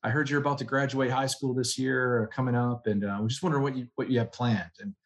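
A man from the United States, an army veteran, telling stories from his past as a guest. He speaks at a medium pitch, with plenty of fillers, and he acts out the voices of the people in his stories. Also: fast talker. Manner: animated storyteller, many fillers, acts out quoted voices. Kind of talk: conversational storytelling.

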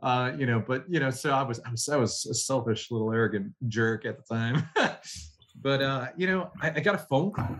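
A man from the United States, an army veteran, telling stories from his past as a guest. He speaks at a medium pitch, with plenty of fillers, and he acts out the voices of the people in his stories. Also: a little fast. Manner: animated storyteller, many fillers, acts out quoted voices. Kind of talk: conversational storytelling.

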